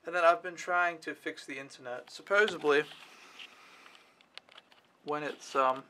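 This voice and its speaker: A man's voice: a little high, measured pace, pushed and bright, a little hiss or hum. A young man telling his day in a casual vlog, rambling and offhand, swearing freely. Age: young adult. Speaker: au pair vlogger.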